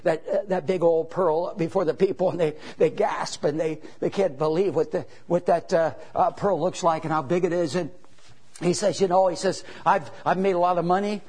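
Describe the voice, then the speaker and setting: Husky high-voiced preacher telling a story. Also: male voice, fairly even intonation, normal speed. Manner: storytelling, many fillers, builds to shouts. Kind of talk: sermon with a told story.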